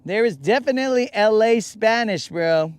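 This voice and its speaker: A man hosting a casual fishing podcast, talking in a lively, slangy way and acting out the voices he quotes. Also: sits high, normal speed, clear, resonant tone, no room sound. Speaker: podcast host. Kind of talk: casual chat. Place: boat on a lake.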